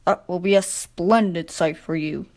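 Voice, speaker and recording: A woman's voice: lowish voice, unhurried, darkish tone, pitched below the performer's own voice. A woman voicing a big, proud male steam engine who boasts and grumbles, in a storybook reading. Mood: boastful.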